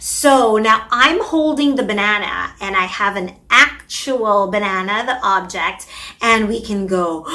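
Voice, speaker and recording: A woman's voice: medium pitch, expressive, unhurried, sharp tone. A woman, a speech therapist, explaining a language activity to parents and modeling words in an exaggerated sing-song way. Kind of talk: instructional video for parents.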